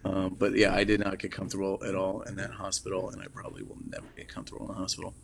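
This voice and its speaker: A man's voice: low voice, monotone, racing, creaky, noisy background. A man in his thirties co-hosting a podcast in casual chat, rambling and laughing often as he tells stories. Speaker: podcast co-host.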